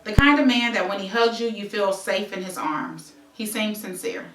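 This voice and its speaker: A woman's voice: lowish voice, moderate pace, a bit bright, distant mic. Woman reading her memoir aloud, echoey. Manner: present-tense storytelling broken by conversational asides. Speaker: memoir author and host.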